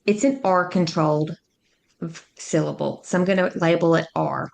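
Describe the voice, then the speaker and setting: Soft-spoken woman teaching phonics. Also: low-pitched. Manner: slow, clear, instructive, sounds out words. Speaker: reading tutor. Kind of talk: phonics lesson narration.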